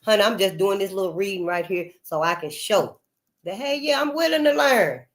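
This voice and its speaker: A woman speaks off the cuff to her audience, leaning hard on her points in a folksy, emphatic way. Her voice sits at an ordinary middle pitch, and she keeps calling her listeners honey and y'all as she talks. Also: lively intonation, moderate pace. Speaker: channel host. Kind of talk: casual spoken monologue to viewers.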